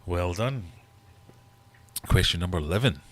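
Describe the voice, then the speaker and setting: A man's voice: sits low, animated, a little slow. A man hosting a live-stream quiz from his fish room, chatty and teasing his viewers. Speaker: livestream host running a quiz. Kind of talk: casual live-stream chat.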